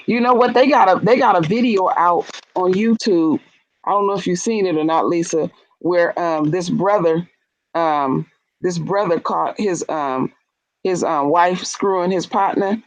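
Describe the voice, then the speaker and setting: A woman telling stories in casual chat, with swooping pitch whenever she acts out what someone said. Her speech is blunt and salty, and the sound is dry and close with no room around it. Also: a little slow, no echo, low-quality recording. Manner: animated storyteller, acts out quotes with big jumps in pitch; blunt and profane.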